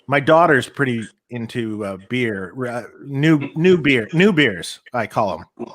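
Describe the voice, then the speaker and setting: Middle-aged man chatting, halting and rambling. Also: medium pitch, animated, a bit bright. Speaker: co-host. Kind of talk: casual chat.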